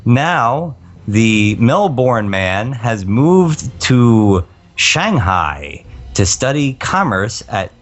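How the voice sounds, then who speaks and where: A man's voice: medium pitch, very animated, extremely slow. A man co-hosting a comedic podcast, reading odd news stories and dropping dry wisecracks. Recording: dull lo-fi podcast audio with faint music.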